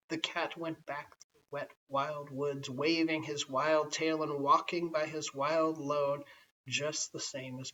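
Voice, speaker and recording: A man reads a bedtime story in a gentle, measured way. He sits a little back from the mic, and the recording sounds dull and lo-fi. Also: a little high. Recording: slightly distant, dull lo-fi home recording.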